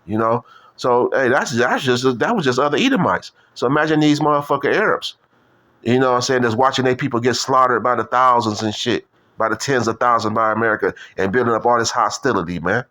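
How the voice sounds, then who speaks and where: A man rambles on in a loose, profane monologue. He leans on street slang, repeats himself and keeps circling back. His voice sits at an ordinary middle pitch for a man. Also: fairly quick, a bit bright. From Detroit. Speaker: video commentator.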